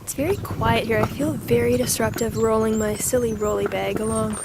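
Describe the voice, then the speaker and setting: A young woman talks to a handheld camera as she walks outdoors, chatty and a little self-mocking. Her voice sits slightly high. Heavy wind noise roars across the mic the whole time. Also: steady tone, moderate pace, vocal fry. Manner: chatty, self-mocking, restarts when flustered. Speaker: travel vlogger. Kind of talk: casual travel vlog. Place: outdoors on an island, walking. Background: loud wind on the mic.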